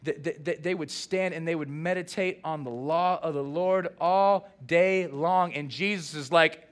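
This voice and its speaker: Man, senior pastor, high voice, animated sermon, acted-out dialogue. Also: unhurried, few pauses.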